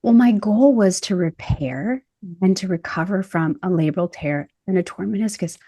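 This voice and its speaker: Her voice is medium-pitched and warm, delivered at a moderate pace in studio-quality sound with no room tone. The woman, a podcast host and body image coach, talks animatedly in a casual podcast chat, laughing often and acting out what others said.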